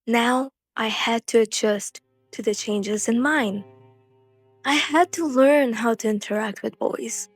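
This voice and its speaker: A woman's voice: fairly high pitch, slow, slightly rough, soft background music. Chatty young woman reading a book aloud. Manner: chatty, blunt, with swearing. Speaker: host reading an audiobook. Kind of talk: casual audiobook reading with chatty asides.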